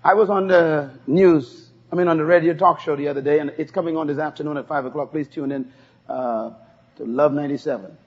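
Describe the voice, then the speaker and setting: On a dull, lo-fi sermon tape, a man with a somewhat high, husky voice preaches a little fast. He's emphatic, repeating key phrases so the congregation can call them back.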